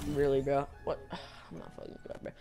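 A woman's voice: very deep voice, normal speed, gravelly. A young woman streaming a video game live, swearing freely and laughing a lot as she talks. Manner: profane, excitable, laughs often. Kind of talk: live gaming commentary.

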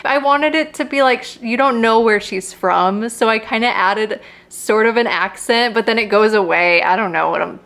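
A young woman in her twenties chatting excitedly in a casual vlog about her own videos. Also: on the high side, moderate pace, hardly any pauses.

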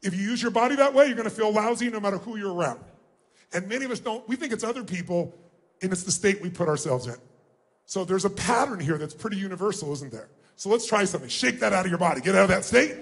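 Man, very high voice, motivational speaker, energetic, commanding, shouting to a crowd, stage mic in a large arena. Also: quick pace, breathy edge. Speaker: motivational speaker leading a large audience exercise. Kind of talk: live seminar talk to a huge crowd.

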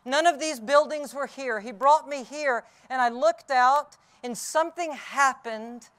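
Pastor guy preaching outside, kinda high smooth voice, goes loud then real quiet. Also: unhurried. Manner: vivid storytelling, acts out crowd cries, swings from loud to hushed. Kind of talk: outdoor Easter sermon, storytelling. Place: outdoors on a hilltop.

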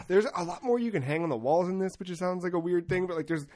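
A young man co-hosting a casual gaming podcast, an excitable storyteller who swears freely. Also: high-pitched, a little fast. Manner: excitable storyteller, swears freely, acts out his own shouting. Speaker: podcast co-host.

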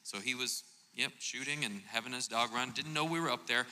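A male pastor from Florida telling a lively, joking story during a sermon. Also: medium pitch, fairly quick. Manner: animated storytelling, jokey asides. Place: church auditorium. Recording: reverberant church hall.

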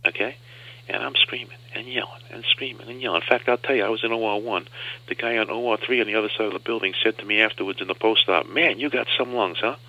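Fast-talking bright-voiced man telling a story. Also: on the low side. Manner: animated storyteller acting out voices. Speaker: guest, comedian and talk show host. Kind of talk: storytelling interview. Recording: dull lo-fi radio sound.

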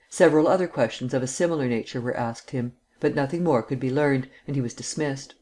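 Male audiobook narrator, steady literary reading, classic mystery. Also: medium pitch, a little fast, hardly any pauses.

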